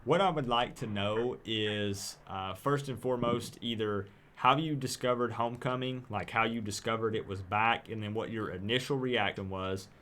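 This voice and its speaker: A man's voice: on the low side, moderate pace, few pauses, a bit bright, slight background noise. A man from East Tennessee with its accent, hosting a livestream and taking calls in a hyped, friendly way, often repeating words. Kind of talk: casual livestream chat.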